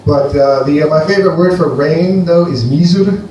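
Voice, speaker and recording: A man from Greece doing a rambling, deadpan stand-up set for a live audience at a comedy venue. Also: fairly high pitch, normal speed, distant mic. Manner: rambling, deadpan, playful with the crowd. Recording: echoey live room, heard from afar.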